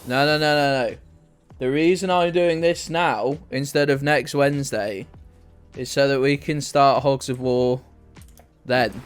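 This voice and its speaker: Man, game streamer, casual rambling chat, mid-pitched voice, faint music behind. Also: unhurried, clear, resonant tone. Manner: rambling, sweary, chatting to viewers.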